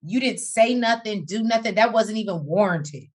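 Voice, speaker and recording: A woman co-hosting a casual podcast, recapping a reality show with a sassy, animated manner. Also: medium pitch, normal speed. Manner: animated, sassy, breaks into song and laughter. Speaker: podcast co-host.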